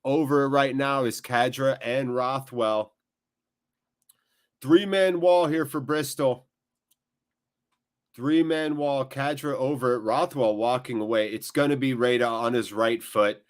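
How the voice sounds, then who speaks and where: An American man hosts a live football watchalong, reading chat and calling the play. He talks in a jokey, animated way with quick bursts of play-by-play. His pitch sits in the ordinary male middle. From United States. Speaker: watchalong host.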